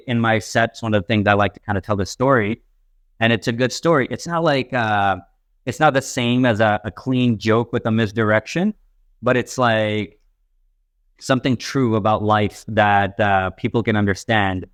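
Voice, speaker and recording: A young stand-up comedian from a Pakistani family who grew up in Texas, telling stories in a rambling, animated way full of fillers. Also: male voice, fairly low pitch, moderate pace, clean tone, no room sound, studio quality. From Pakistani family, raised in Texas, later Canada. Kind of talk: casual interview talk.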